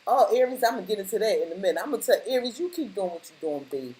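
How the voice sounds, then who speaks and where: A woman's voice: medium pitch, expressive, racing, warm tone, poor audio. Emphatic woman giving a tarot reading. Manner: emphatic, repeats lines for stress, blunt slang. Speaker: tarot reader. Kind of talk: casual tarot reading to the viewer.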